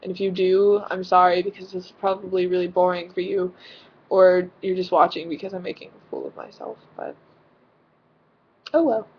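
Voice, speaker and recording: A woman's voice: on the low side, steady tone, normal speed, slightly rough, lo-fi sound. A teenage girl vlogging casually from her bedroom, rambling with lots of fillers and giggles. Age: teens. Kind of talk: casual vlog chat. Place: own bedroom.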